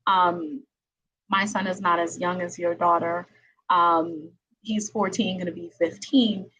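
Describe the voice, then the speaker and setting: A woman's voice: on the low side, steady tone, a little slow, a bit bright, a little hiss or hum, poor audio. A middle-aged woman hosting a live-streamed interview podcast from home. She chats casually and laughs often, with many ums and tag questions. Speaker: podcast host, attorney.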